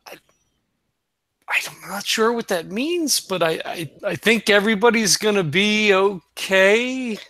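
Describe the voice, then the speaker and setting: A high, bright male voice, slow and hesitant, stammering through an awkward role-play scene. The sound is dry and close. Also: lively intonation, no echo. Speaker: player.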